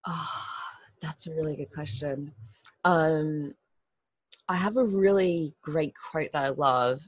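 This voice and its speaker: In a deep voice, taking it slowly and without echo, a bubbly, theatrical event organizer from the Turks and Caicos Islands laughs often during a casual interview chat as a guest. Her international accent mixes American and Australian.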